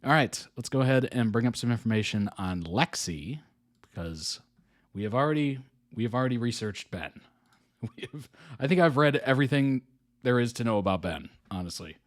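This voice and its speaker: A young man chats his way through a reaction video at a mid pitch, rambling casually. His talk is loaded with fillers and he chuckles often as he goes. The tone is loose and unscripted. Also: lively intonation, moderate pace.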